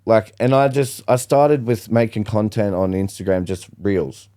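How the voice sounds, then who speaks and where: A man's voice: on the low side, unhurried, warm tone. A young man, a podcast guest, telling his story bluntly and with lots of swearing in casual chat.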